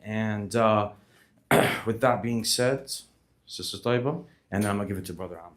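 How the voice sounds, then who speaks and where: A man acting as emcee at a mosque community event, brisk and informal as he hands off between speakers. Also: on the low side, roomy sound.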